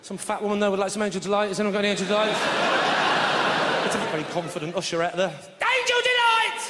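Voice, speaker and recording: Brash stand-up comedian in a roomy theatre. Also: male voice, sits high, fairly even intonation, fast, very noisy. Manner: brash, sweary banter with the crowd. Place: large theatre, live audience. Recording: roomy live theatre with loud crowd.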